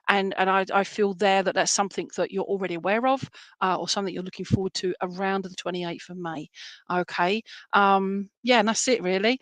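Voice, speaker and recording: In a mid-range voice on a dry recording, a medium chats her way through a live-stream reading. Her delivery is loose and rambling, full of fillers and affectionate names for the people watching.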